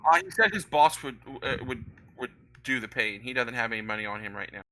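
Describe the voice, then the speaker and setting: A man's voice: medium pitch, quick pace, sharp tone, no echo, poor audio. A young man running a tabletop game as dungeon master, hesitant with lots of fillers.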